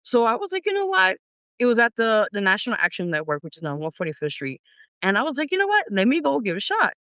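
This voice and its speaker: An independent singer in middle age, appearing as an interview guest, recounts her story animatedly, acting out her reactions from back then. Her medium-pitched voice is bright and crisp and she talks fast. The recording is close and dry, with no room sound or echo, and the tone is that of a casual interview.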